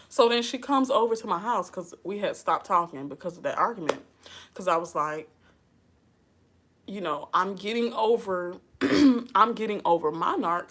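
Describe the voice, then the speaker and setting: Sassy and chatty, this woman hands out casual advice in her vlog and often dissolves into laughs. Her voice is medium in pitch with a slightly bright quality.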